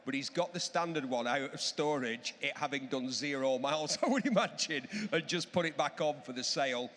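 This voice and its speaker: A man in his fifties, a motorcycle expert guest, telling lively stories and giving emphatic advice. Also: medium pitch, brisk. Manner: animated storytelling, emphatic advice. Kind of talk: enthusiastic anecdotal chat. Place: auction hall. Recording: long reverb of a large hall.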